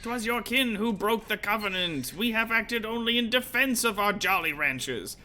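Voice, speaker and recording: A fanatical tribal warrior roars his creed in a high, grandiose voice, stressing each word, as a man puts him on. The voice swings widely and lands hard on every vow. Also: expressive, normal speed, sharp tone, slight background noise, heavily acted. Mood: defiant. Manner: grandiose, emphatic oration.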